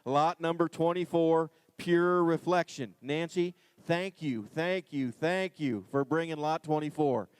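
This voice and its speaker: A man announcing lots at an auction, giving enthusiastic, folksy sales pitches between bids. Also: unhurried, hardly any pauses, clear, resonant tone, no echo. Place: livestock auction ring.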